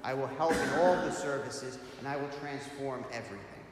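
A man's voice: mid-range voice, normal speed, natural voice. A man voicing a stubborn, dreamy young monk who earnestly refuses to help, in an echoey hall. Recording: echoey hall, faint hiss.

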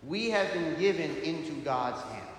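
A priest delivering a sermon, slow and emphatic, with strong rises on the words he stresses. His voice is somewhat high for a man and rings through a large church. A long reverb tail hangs behind every phrase. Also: expressive, slight background noise. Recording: echoey church hall.

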